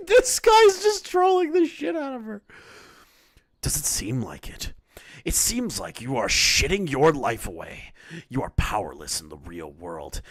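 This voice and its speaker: Brief: male streamer, sarcastic commentary, lively swinging pitch, dry close sound. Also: dry recording. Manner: sarcastic, reads messages aloud with mocking asides. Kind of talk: casual live-stream commentary.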